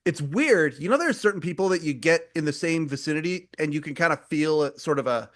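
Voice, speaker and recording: A man hosting a podcast in casual chat, telling stories with animation and stumbling over repeated words when excited. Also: a little high, quick pace. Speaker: podcast host.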